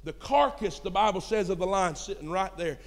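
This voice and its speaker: High-voiced preacher in a reverberant church. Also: male voice, fairly quick, creaky. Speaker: pastor. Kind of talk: sermon. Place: church sanctuary. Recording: long hall reverb in a church.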